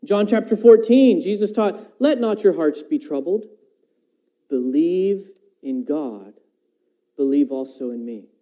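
High, bright-edged male preacher. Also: expressive, measured pace, rough recording. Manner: quotes scripture, asks the listeners questions; talks about teaching his own children. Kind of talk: sermon.

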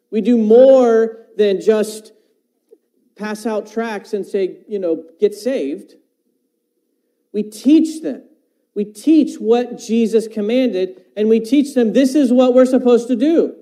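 Male preacher, sermon delivery, high voice, scripture quotes, questions to the listeners. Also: dark tone, rough recording. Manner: talks about teaching his own children.

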